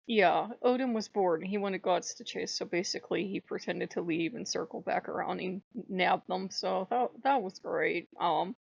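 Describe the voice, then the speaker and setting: A woman hosting a casual spiritual vlog, telling a rambling, animated story and laughing often. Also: medium pitch, gravelly, no echo. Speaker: channel host. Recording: dull lo-fi dry recording.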